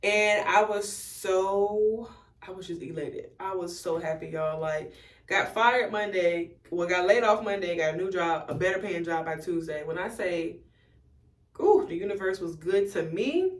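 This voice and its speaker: Styling a wig in front of a phone camera, a woman beauty vlogger makes frank, foul-mouthed small talk with her audience. She speaks expressively at a moderate pace, her pitch fairly low.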